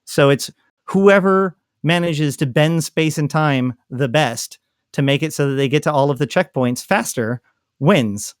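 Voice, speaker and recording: A man's voice: fairly high pitch, a little slow, dry recording, clean studio sound. A man co-hosting a gaming podcast, talking things through casually with many fillers and restarts. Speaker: podcast co-host.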